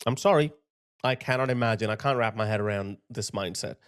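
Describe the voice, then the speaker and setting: A man's voice: fairly low pitch, brisk, clear, resonant tone. A man giving impassioned video commentary, emphatic and indignant, driving his points home by repeating phrases. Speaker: political commentator.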